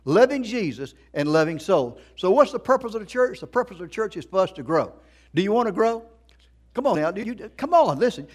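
A man's voice: high-pitched, very animated, brisk, darkish tone. A middle-aged man preaching a sermon as a pastor, emphatic, repeating phrases and asking the congregation rhetorical questions.

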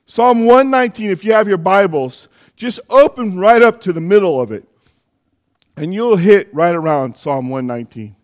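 Guy with a high voice giving a chatty sermon at church, goes off on little asides. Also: animated, moderate pace, a little mellow. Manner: conversational, with asides and self-corrections. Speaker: preacher.

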